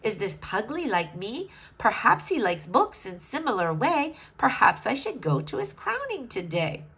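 A woman's voice: fairly high pitch, big pitch swings, a little slow, fairly bright tone, exaggerated voice. A woman reading a storybook aloud, voicing an earnest, bookish young princess who speaks in rhyme. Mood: wondering. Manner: earnest, pleading, rhymed verse.

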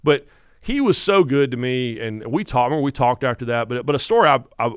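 A man's voice: mid-range voice, a little fast, clear, resonant tone, no echo, studio quality. A man in his fifties with a North Carolina Southern accent, telling stories as a guest host on a casual podcast. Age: 50s. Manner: animated storyteller who acts out quotes.

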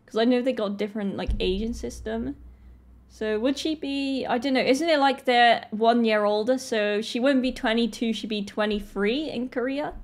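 A woman's voice: on the high side, normal speed. A woman in her twenties from Britain, chatting casually and laughing often as she reacts to a video. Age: 20s.

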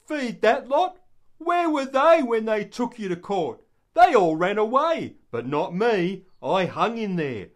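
A man's voice: big pitch swings, slow, full character voice. A man doing a fed-up, indignant Peter. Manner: exasperated, loud and raised in pitch. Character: indignant male apostle Peter, resentful and blunt.

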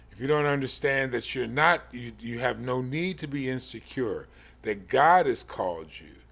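A man in his forties teaching a Bible study in a slow, halting way, with many pauses and restarts. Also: mid-range voice, gravelly, fairly bright tone. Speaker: podcast teacher.

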